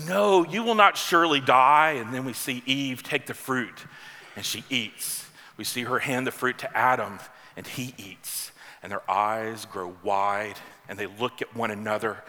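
A man's voice: mid-range voice, steady tone, unhurried, pushed and bright. A man preaching a sermon as pastor to his congregation, in a conversational style with casual asides. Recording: long reverb of a large hall.

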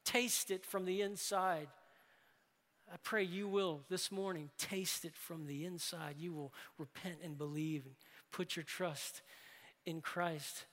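A man delivers a sermon with a high, bright voice. He tells a story, then builds into fervent calls to come in. Long reverb from a large church hall hangs behind every phrase. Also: steady tone, measured pace. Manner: builds to loud impassioned exhortation. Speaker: pastor. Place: church sanctuary.

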